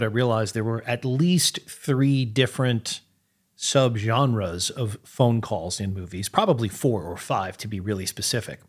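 Seorang pria pembawa podcast yang membahas film dengan gaya santai dan mengobrol, seolah berpikir sambil bicara. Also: male voice, medium pitch, breathy edge. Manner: relaxed, conversational, thinking aloud. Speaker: podcast host. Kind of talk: casual film talk.

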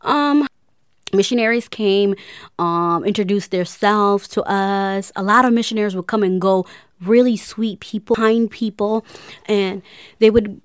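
A young woman telling a personal story, halting often with fillers and getting emotional. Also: medium pitch, clean tone, no echo, clean studio sound. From grew up in a refugee camp.

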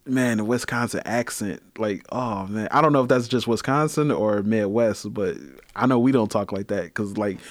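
Laid-back slangy man, low voice. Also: moderate pace, few pauses, no echo. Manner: relaxed slangy storyteller, acts out quotes. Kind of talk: casual chat.

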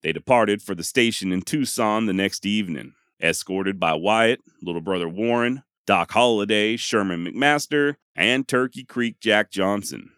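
A man's voice: fairly low pitch, normal speed, hardly any pauses, fairly bright tone, no echo, clean studio sound. A man narrating Old West history in a scripted storytelling style, folksy and wry with salty asides.

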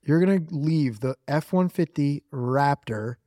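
A man's voice: on the high side, expressive, measured pace, mellow, dry recording, clean studio sound. A man co-hosting a casual podcast, teasing and sarcastic, often laughing at his friend. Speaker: podcast co-host. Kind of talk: casual banter.

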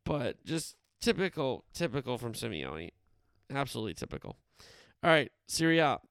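A man's voice: mid-range voice, very animated, normal speed, creaky, fairly bright tone, dry recording, clean studio sound. A man casually running through soccer scores and previews as a podcast host, rambling and correcting himself as he goes. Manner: conversational, rambling with fillers and self-corrections. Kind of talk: casual sports roundup.

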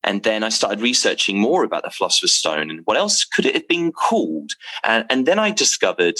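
A man telling a story to camera about his drinks brand, rambling and excitable, with many restarts and fillers. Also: fairly low pitch, a little fast.

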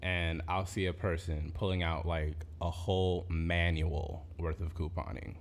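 A man's voice: sits low, flat delivery, a little slow, a little hiss or hum. A man co-hosting a radio show, teasing and jokey in casual banter. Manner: teasing, jokey, laughs often.

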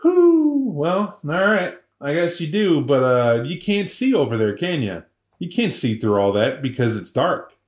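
A laid-back talking owl speaks in a high, lively voice, friendly and chatty like a neighbor over a fence, as a man puts him on. The sound is roomy with echo. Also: a little slow. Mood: easygoing. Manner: chatty, easygoing, folksy.

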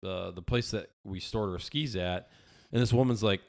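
A man's voice: lowish voice, normal speed, vocal fry. An American man in a casual chat, telling a profane story and acting out the people in it. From United States. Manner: profane storytelling, animated quoted voices.

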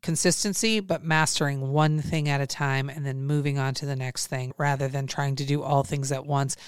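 Low, crisp-voiced woman podcast host. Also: no room sound, studio quality. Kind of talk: casual chat.

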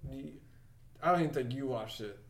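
A man's voice: medium pitch, fairly quick. A man in his thirties hosting a casual podcast chat, bossy and joking, swearing a lot. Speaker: podcast host.

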